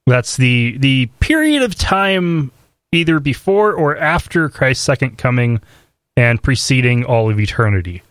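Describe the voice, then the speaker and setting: A man co-hosting a casual podcast, talking with many fillers and restarts, then walking through a topic in a steady explaining voice. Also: mid-range voice, measured pace, no echo, studio quality. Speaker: podcast co-host. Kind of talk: casual chat and explainer segment.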